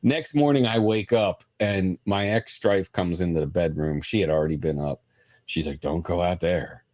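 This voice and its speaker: A man's voice: deep voice, moderate pace, dry recording, studio quality. A man on a podcast, casually telling a long story, swearing a lot and often laughing. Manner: profane, animated, laughs while telling stories. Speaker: podcast host.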